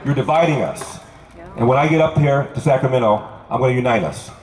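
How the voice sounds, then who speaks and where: A man's voice: mid-range voice, fairly quick. Guy from LA doing a campaign speech outside, punchy repeated lines, noisy crowd around. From Los Angeles. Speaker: political candidate. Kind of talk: outdoor campaign rally speech. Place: outdoors at a rally. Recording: echoey crowd recording. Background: crowd noise.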